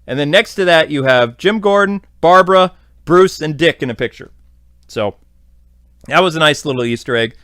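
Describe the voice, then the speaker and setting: A man's voice: fairly high pitch, expressive, normal speed, a bit bright, no room sound, studio quality. A man hosting a podcast, giving a casual, rambling episode recap full of fillers. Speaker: podcast host.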